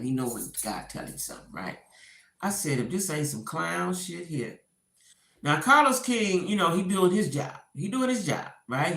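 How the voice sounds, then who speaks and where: A woman's voice: low voice, echoey room. A woman doing casual gossip commentary, acting out the quotes as she retells a story. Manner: animated storytelling, acts out quotes.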